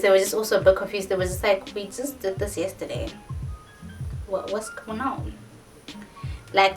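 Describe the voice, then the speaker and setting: Animated South African woman telling a story. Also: mid-range voice. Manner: animated, dramatic retelling with many filler likes. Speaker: vlogger. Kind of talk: casual storytelling to camera. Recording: distant mic with faint music.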